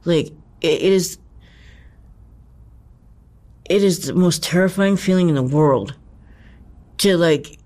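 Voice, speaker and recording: A man recounting a personal ordeal in conversation, talking in an intense, profane and halting way, with many restarts and emphatic repetitions. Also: a little high, darkish tone. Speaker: interviewee.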